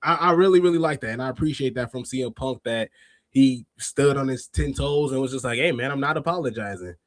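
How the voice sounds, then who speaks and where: A man hosting a wrestling review podcast, chatting casually and slangily, reading out chat comments and bursting into laughs and shouts. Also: mid-range voice, fairly quick, no echo. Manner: excitable, laughs often and breaks into shouts; slangy, talks straight to chat readers. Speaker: podcast host.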